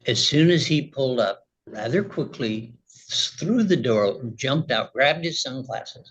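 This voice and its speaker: Husky-voiced man rebutting in court. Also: mid-range voice, lively intonation, a little slow, fairly bright tone, poor audio. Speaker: litigant responding.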